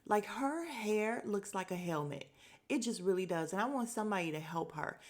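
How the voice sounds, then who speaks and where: A woman hosting a podcast, giving a blunt, opinionated recap of a reality show, swearing freely and quickly acting out the cast's lines. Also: medium pitch, lively intonation. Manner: acts out cast members' lines in quick asides. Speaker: podcast host.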